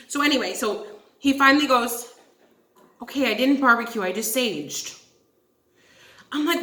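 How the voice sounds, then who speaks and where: A young woman with a slightly high, sharp voice hosts a storytime vlog, speaking at normal speed but pausing often. She tells her story animatedly, swears, and calls viewers "guys," all in an echoey room.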